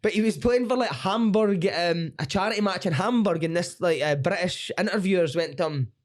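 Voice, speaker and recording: A man, a podcast guest, telling stories in lively, sweary casual chat. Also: high voice, fairly quick.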